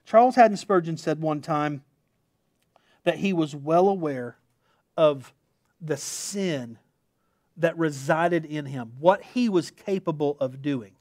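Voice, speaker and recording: Middle-aged male pastor, high-pitched, dry close-miked delivery; a humorous storyteller who pokes fun at himself from the pulpit. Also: slow, pauses often, a little mellow, no room sound. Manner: storytelling, self-deprecating, laughs at himself. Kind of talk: sermon.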